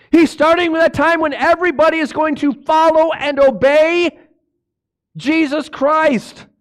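Man, pastor, sermon, high voice, lively swinging pitch, unhurried. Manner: animated, swings from low and hushed to loud exclamations; asks the congregation questions.

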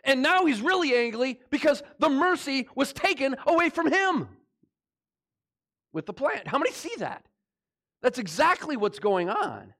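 A man's voice: extremely high pitch, very animated, a little slow, a bit bright. A man preaching a sermon in a conversational way, often asking the congregation questions. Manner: dramatizes voices of God and Jonah in quotes. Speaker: pastor.

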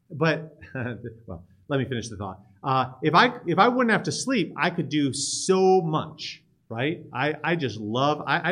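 A man walks through a psalm like a teacher talking to his students, relaxed and conversational. He leans hard on key words for emphasis and trips into quick restarts and asides as he goes. His voice sits at an ordinary pitch for a man. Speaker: Bible teacher. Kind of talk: casual teaching talk on a psalm.

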